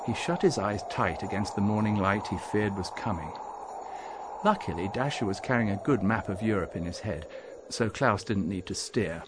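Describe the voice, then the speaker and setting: A man narrating an audiobook, reading in a measured, expressive storytelling manner. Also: on the low side, noisy background. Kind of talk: scripted narration.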